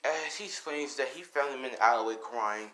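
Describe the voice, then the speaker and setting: A man's voice: mid-range voice, fairly quick, noisy background. A man improvising a fan-fiction story aloud in a rambling, filler-heavy way. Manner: rambling, full of fillers and profanity.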